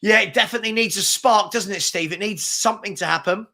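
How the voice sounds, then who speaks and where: Chatty English man, slightly high voice. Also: fast talker, gravelly, bright, forceful tone. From England. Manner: chatty, rambling, lots of fillers and restarts. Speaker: live stream co-host. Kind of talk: casual live football commentary.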